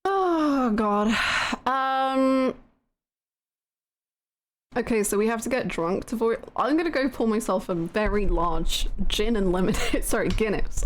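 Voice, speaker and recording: Giggly woman streamer. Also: medium pitch. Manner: giggly, self-mocking, frequent laughter. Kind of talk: let's-play commentary, voicing characters. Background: game music.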